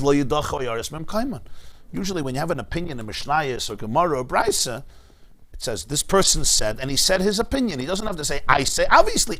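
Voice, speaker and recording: A rabbi leads a Talmud lesson in a synagogue, his fairly high voice climbing sharply on emphatic points and dropping for quiet asides. He explains step by step, turning to his listeners with rhetorical questions. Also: gravelly. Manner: animated, rising to emphatic peaks, rhetorical asides. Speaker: rabbi teaching Talmud class. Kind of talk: Talmud lecture to a congregation. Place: synagogue class.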